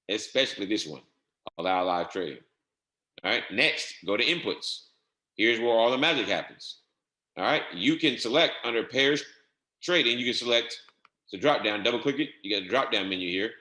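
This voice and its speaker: A man walking viewers through trading software settings step by step in a casual, repetitive way. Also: fairly low pitch, reverberant. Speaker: trading instructor. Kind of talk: screen-share software tutorial.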